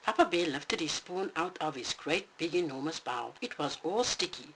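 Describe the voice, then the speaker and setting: Bedtime storybook narrator, lively expressive pitch, faint hiss behind. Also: moderate pace.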